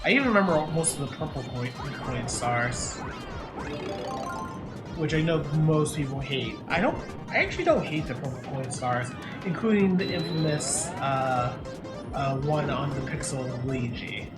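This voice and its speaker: A man's voice: mid-range voice, expressive, unhurried. Rambling man chatting over game music. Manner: rambling, hesitant, many fillers. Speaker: co-streamer giving game tips. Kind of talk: casual chat.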